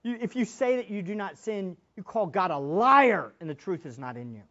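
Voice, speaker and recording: A woman preacher giving an impassioned sermon, moving between loud exclamations and hushed asides. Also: mid-range voice, expressive, moderate pace. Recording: dull lo-fi sermon recording.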